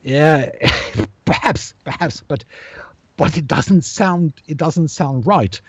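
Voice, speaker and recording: A man chatting casually as a guest, halting often and repeating words as he searches for them. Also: on the high side, slightly rough, no room sound, highs cut off. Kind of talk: casual conversation.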